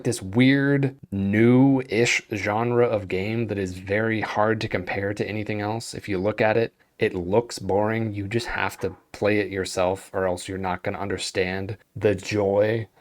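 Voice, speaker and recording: A young man giving casual, opinionated video game commentary, animated and acting out his own reactions. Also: on the low side. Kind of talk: tier list commentary.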